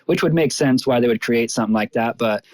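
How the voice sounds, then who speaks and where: A man's voice: mid-range voice, quick pace, no room sound, poor audio. A man co-hosting a casual online voice chat, musing in an easygoing way with many fillers. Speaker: co-host. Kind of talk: casual chat on a live audio space.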